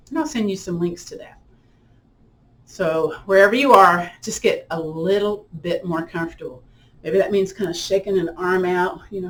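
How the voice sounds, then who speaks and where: A woman yoga instructor leading a guided relaxation and visualization, talking in a gentle, unhurried, casual way with friendly fillers. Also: fairly low pitch, a little hiss or hum.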